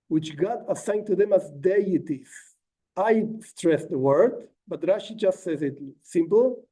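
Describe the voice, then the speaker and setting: Animated rabbi teaching from afar. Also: male voice, sits high, distant mic. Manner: animated, acts out quotes, frequent asides like "whatever". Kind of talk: informal text lesson.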